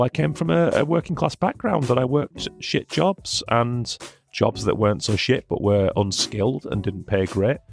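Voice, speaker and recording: A man in his forties with a husky voice from a chest virus, chatting casually and rambling a bit as a solo podcast host. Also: sits low, a little mellow. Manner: chatty, rambling, self-deprecating.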